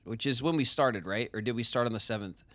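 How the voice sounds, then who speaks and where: An American man streams a game live and chats the whole way through. His talk is loose and rambling, full of filler words and half-finished thoughts. His voice sits at an ordinary middle pitch for a man. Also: fast talker, a bit bright. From United States. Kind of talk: casual live-stream chat while gaming.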